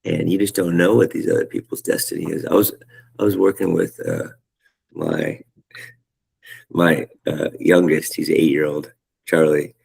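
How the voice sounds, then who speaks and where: Deep husky-voiced man, gravelly, rambling. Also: normal speed, long pauses, rough recording. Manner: animated, rambling, searching for words. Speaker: spiritual study group leader. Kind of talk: casual group discussion.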